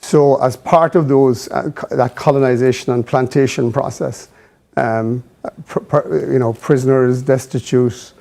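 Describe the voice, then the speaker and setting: A man as a studio guest, giving measured, thoughtful explanations with many pauses and fillers. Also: medium pitch, steady tone, vocal fry, mellow. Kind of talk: explanatory interview answers.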